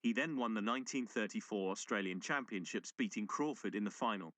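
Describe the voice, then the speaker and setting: A man giving measured, factual documentary narration. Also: lowish voice, fairly bright tone, no echo.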